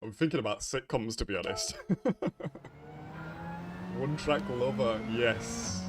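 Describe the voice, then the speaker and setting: Chatty streamer over engine noise. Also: male voice, medium pitch, slow pace. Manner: chatty, laughs often, greets chat by name. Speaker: racing game streamer. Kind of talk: casual live-stream chat. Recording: racing car game noise behind. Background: engine noise from the racing game.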